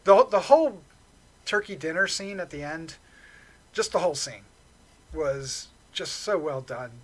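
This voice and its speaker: A man on a podcast panel casually giving an enthusiastic film review, talking in quick bursts with restarts. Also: on the high side, lively intonation, a bit bright, low-quality recording.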